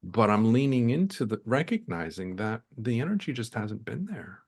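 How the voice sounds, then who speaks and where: A man's voice: medium pitch, big pitch swings, normal speed. A man hosting a podcast, talking reflectively in casual chat and trailing off as he searches for words. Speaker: podcast host.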